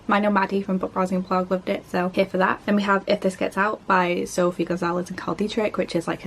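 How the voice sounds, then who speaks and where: A woman chatting casually as a book vlogger, rambling quickly and poking fun at herself. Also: mid-range voice, vocal fry, a little hiss or hum. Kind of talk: casual chat.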